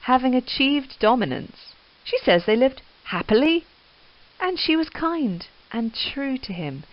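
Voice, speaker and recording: A woman's voice: sits high, very animated, measured pace. A woman teaching English literature, reading Middle English verse aloud and explaining it with enthusiastic emphasis. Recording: dull lo-fi recording.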